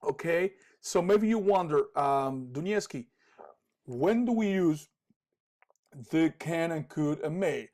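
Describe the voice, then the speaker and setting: Spanish-accented man teaching English, higher voice. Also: animated, darkish tone. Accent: Cuban. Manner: repeats example sentences slowly, frequent okays and ums. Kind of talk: casual spoken lesson.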